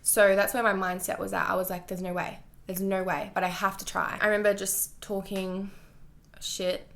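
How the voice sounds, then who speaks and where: A woman's voice: mid-range voice, level tone, normal speed, gravelly, fairly bright tone. A young woman telling a personal storytime to her vlog viewers, candid and full of "like" fillers and swearing. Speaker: vlogger.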